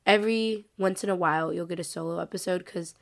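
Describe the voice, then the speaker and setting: A woman's voice: lowish voice, fast, gravelly. A young woman in her late teens, hosting her own podcast alone, chatting casually and rambling with lots of filler words while she is sick. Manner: rambling, heavy use of "like" fillers. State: sick, congested voice. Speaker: podcast host. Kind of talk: casual solo podcast chat.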